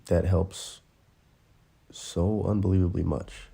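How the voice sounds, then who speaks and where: Low, gravelly man chatting casually. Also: steady tone, takes it slowly, dark tone. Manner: rambling, profane, often drops to a whisper. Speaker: livestream host. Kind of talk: casual livestream chat. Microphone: tablet or phone mic.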